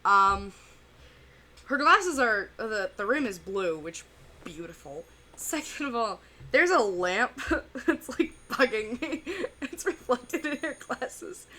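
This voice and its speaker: A woman giving casual, rambling reaction commentary full of fillers and pauses. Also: on the high side, big pitch swings, pushed and bright, a little hiss or hum. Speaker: reaction video host.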